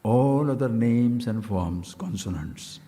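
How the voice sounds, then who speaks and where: A man giving a spiritual discourse, playful and animated, chanting syllables with big leaps in pitch. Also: takes it slowly. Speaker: spiritual teacher. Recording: long hall reverb.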